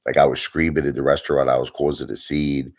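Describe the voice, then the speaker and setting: A man hosting a live stream, telling a story in a casual, animated way, with plenty of swearing and repetition for emphasis. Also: extremely low pitch, quick pace. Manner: animated, profane, repeats himself for emphasis. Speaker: livestream host.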